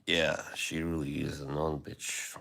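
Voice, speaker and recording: A man hosting a livestream, chatting casually with viewers in a rambling, hesitant way with many fillers and soft laughs. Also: rumbling low, flat delivery, measured pace, gravelly. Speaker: livestream host.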